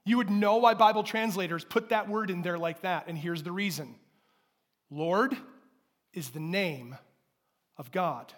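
High-voiced pastor preaching. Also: male voice, measured pace, pauses often. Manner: emphatic preaching, rising to loud declarations and dropping to soft asides; calls the congregation to repeat after him. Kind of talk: sermon. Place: church sanctuary before a congregation.

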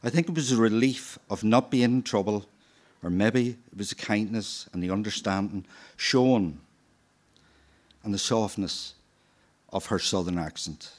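A man telling a true story from his own life at a live storytelling event, in a measured, reflective way, voicing the people in it as he goes. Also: fairly low pitch.

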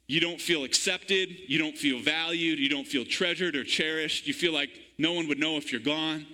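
Bright-voiced male pastor preaching. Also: fairly high pitch, normal speed, poor audio. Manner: call-and-response preaching, asks congregation for amen. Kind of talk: sermon. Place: church.

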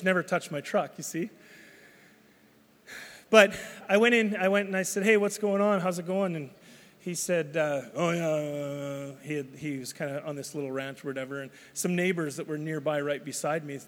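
A man's voice: high-pitched, big-room sound. A man preaching a sermon, telling a personal story in a loose, conversational way with frequent restarts. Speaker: pastor.

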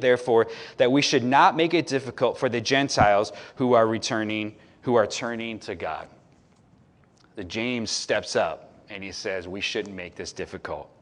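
A man preaching as a pastor, casual and conversational, moving between soft asides and loud, emphatic points. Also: mid-range voice. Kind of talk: sermon.

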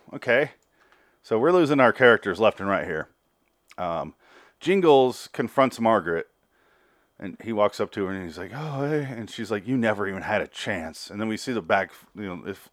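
A man's voice: low voice, dry recording, studio quality. A man casually recapping a TV episode, rambling with crude jokes and acted-out quotes. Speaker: TV recap commentator.

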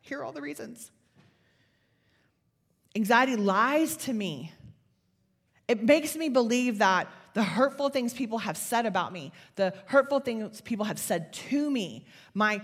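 A woman's voice: a little high, slightly rough. Earnest woman in a reverberant hall. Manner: earnest, confessional, builds to fervent. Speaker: speaker. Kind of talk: faith talk to an audience.

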